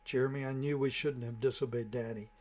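A man's voice: medium pitch, fairly even intonation, fairly quick, lightly acted. A man voicing a worried little girl. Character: young girl, worried and obedient.

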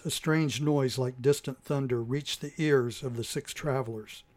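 A man narrating a book chapter in steady, clear storytelling. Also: medium pitch. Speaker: audiobook narrator. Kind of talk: scripted narration.

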